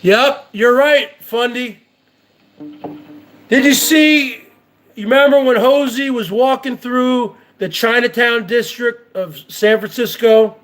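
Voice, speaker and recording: High-voiced man ranting profanely. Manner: profane, heated, repetitive. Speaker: show host. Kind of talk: ranting commentary.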